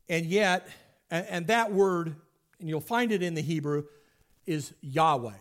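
High-voiced man teaching scripture. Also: measured pace, fairly bright tone. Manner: conversational, explaining step by step with restarts. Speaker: Bible teacher. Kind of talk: Bible study teaching.

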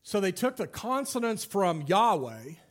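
High-voiced man teaching scripture. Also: sing-song, measured pace. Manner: conversational, explaining step by step with restarts. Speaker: Bible teacher. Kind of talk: Bible study teaching.

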